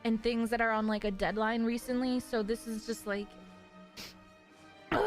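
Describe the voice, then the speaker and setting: A woman's voice: fairly high pitch, little pitch movement, moderate pace, long pauses, soft background music. A woman in her twenties, a streamer, talking in casual live-stream chat in an earnest, confiding way with many fillers.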